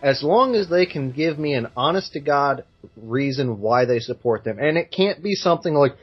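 A man's voice: on the high side, animated, moderate pace, breathy edge, lo-fi sound. A man co-hosting a casual podcast, giving his views with many "you know" fillers. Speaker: podcast co-host. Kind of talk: casual chat.

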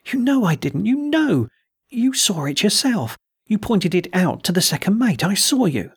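A man's voice: medium pitch, normal speed, dry recording, clean studio sound, lightly acted. A man reading an audiobook, voicing a frightened teenage ship's apprentice who pleads in an urgent, tearful whisper. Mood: passionate. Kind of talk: audiobook narration.

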